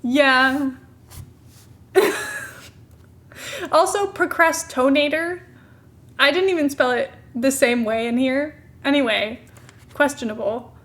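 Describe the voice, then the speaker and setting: A woman's voice: high-pitched, slow pace, long pauses, a bit bright. A young woman streamer chatting casually, giggling often and poking fun at herself. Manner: giggly, self-mocking, chatty. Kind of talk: casual live-stream commentary.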